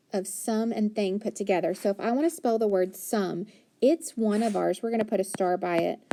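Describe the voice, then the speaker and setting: A woman teaching a phonics lesson to young children, patient and encouraging, sounding out letters and words slowly. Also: mid-range voice, dark tone.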